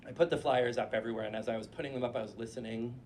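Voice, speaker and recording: Casual storyteller guy from new hampshire, swears a lot, mid pitch, live audience, light noise behind. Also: rapid-fire. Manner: casual, profane, animated. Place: stage in front of a live audience.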